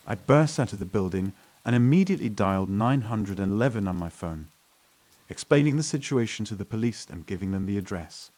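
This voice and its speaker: Man, deep low voice, horror story narrator, scripted first-person narration, steady delivery.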